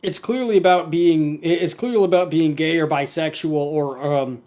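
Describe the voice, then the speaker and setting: A man with a somewhat high voice co-hosts a casual podcast. He retells a cartoon episode in a loose, rambling way, restarting often and filling gaps with "like" and "um." Now and then he quotes the characters in a lightly acted tone. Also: moderate pace, a little mellow. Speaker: podcast co-host.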